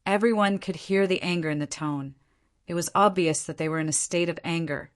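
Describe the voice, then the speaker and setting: Woman narrating a novel audiobook, lowish voice. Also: brisk. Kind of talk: scripted narration.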